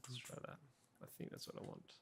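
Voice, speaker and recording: A man's voice: fast talker, noisy background. A man composing in a studio, talking casually and hesitantly as he works. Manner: hesitant, thinking aloud. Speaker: composer demonstrating writing. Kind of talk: casual working chat. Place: music studio. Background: music playback.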